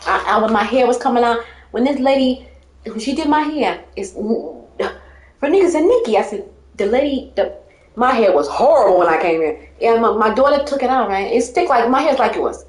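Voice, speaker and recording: A woman's voice: on the high side, big pitch swings, moderate pace, roomy sound. A woman telling her life story in casual talk, rambling and emphatic, often breaking into laughter.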